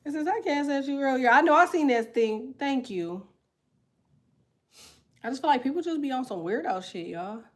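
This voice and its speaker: A woman's voice: high-pitched, lively intonation, moderate pace, long pauses. A young woman tarot reader on a casual livestream, chatting bluntly and profanely while she answers comments, congested from a sinus infection.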